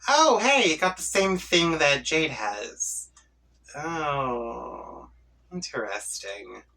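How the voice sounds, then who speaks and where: A man reads a webcomic aloud for his channel in an unhurried, playful way, slipping into voices for the characters' chat lines. His tone is bright and forceful. He sits a little back from the mic. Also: mid-range voice, animated, gravelly, recorded from a distance, poor audio. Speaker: comic reading channel host. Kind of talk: reading a webcomic aloud with reactions.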